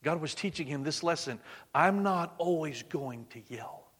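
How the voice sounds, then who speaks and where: Preacher, male, bright forceful tone, slightly high, big dynamic swings. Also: normal speed, breathy edge. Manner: animated, swings between loud emphasis and hushed near-whispers. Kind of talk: sermon.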